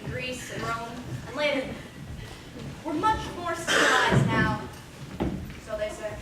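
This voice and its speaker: A woman's voice: fairly high pitch, animated, a little slow. A woman playing a small-town minister who muses dryly and officiates a wedding, in a stage play. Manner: dry, musing, reflective. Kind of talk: stage acting. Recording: echoey hall, distant mic, noisy.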